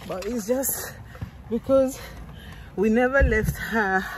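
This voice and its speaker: A woman's voice: a little high, slow pace. A young woman vlogging to camera from a car, emotional and laughing through tears as she talks in a casual way. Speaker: family vlogger. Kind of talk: casual vlog talk to camera. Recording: noisy car recording.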